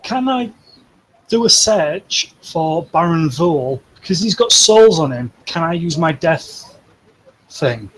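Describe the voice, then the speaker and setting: A man's voice: a little high, big pitch swings, takes it slowly, poor audio. A man playing a tabletop role-playing game, asking eager questions about the rules in casual talk. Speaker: player.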